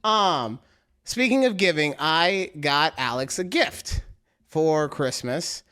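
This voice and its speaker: Animated, bright-voiced male podcast co-host. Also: on the high side, slow pace, clean tone. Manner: animated storyteller, acts out quotes. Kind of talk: casual chat.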